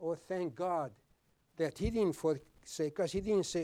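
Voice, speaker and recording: A man preaching a sermon, earnest and repeating his words, at times dropping low and soft for solemn points. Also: a little slow. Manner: earnest, repeats words, clears throat often.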